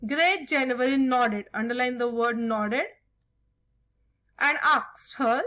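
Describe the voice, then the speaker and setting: Woman teacher reading a story aloud to a class, high voice, slow and careful pace. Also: bright, forceful tone, rough recording.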